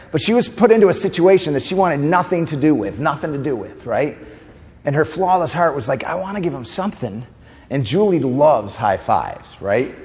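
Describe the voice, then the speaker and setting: A man giving a conference keynote as a comedian and motivational speaker. He moves between tender storytelling and animated comic bits. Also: mid-range voice. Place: conference hall. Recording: long hall reverb.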